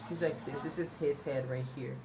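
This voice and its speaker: A young woman telling a personal story in a casual, halting way, often repeating and restarting her words. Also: extremely low pitch, fairly even intonation, background noise. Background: music.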